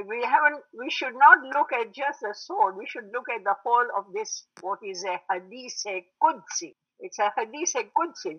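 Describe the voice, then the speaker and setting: Woman lecturer, higher voice, patient explainer, dull lo-fi recording. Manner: explanatory, checks in with listeners. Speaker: religious teacher. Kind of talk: religious lecture.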